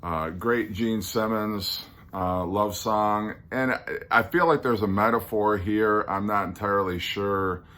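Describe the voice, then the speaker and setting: Hosting his own solo podcast, a man works through a countdown list in a casual, musing, hesitant and earnest way, full of ums and restarts. His voice is fairly low and a bit bright, and he speaks unhurriedly with hardly any pauses.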